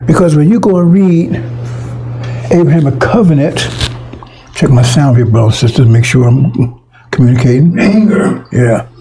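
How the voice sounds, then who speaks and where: A man's voice: fairly high pitch, expressive, moderate pace, long pauses, noisy background. A man preaching an improvised online sermon into his computer microphone, blunt and rambling, with frequent profanity and chuckles.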